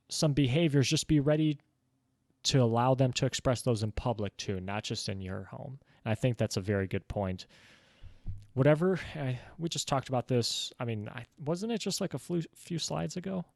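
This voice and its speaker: A man's voice: medium pitch, vocal fry, darkish tone, dry recording. Easygoing young man, dry close sound. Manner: easygoing, rambling, many "like" fillers. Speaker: book reviewer. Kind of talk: casual book summary monologue.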